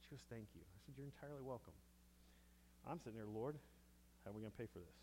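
A man's voice: medium pitch, fast, slight background noise. A man preaching, telling a story and acting out each person's lines. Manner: animated storyteller acting out dialogue. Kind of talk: sermon storytelling. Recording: echoey hall with long reverb.

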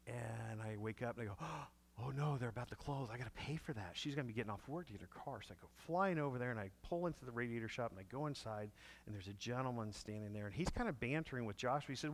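Animated preacher in a hall. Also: male voice, mid-range voice, fast talker. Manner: animated storyteller acting out dialogue. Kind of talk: sermon storytelling. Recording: echoey hall with long reverb.

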